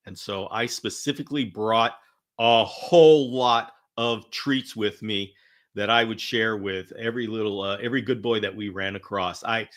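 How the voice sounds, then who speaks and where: A man's voice: on the low side, a bit bright. A man hosting a live-streamed educational talk, chatty and upbeat, with lots of fillers and restarts. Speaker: host.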